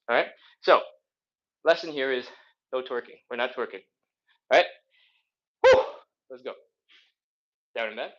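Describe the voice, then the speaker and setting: A man's voice: mid-range voice, muffled recording. A man leading a live stretching workout, counting reps aloud while he exercises, a bit out of breath. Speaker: fitness instructor. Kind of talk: live mobility workout instruction.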